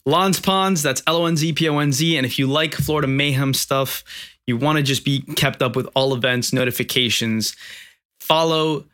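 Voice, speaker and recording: A man's voice: medium pitch, fairly even intonation, moderate pace, fairly bright tone, clean tone. A man co-hosting a casual podcast, running a quiz and teasing the others. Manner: teasing, joking. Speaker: podcast co-host and quizmaster.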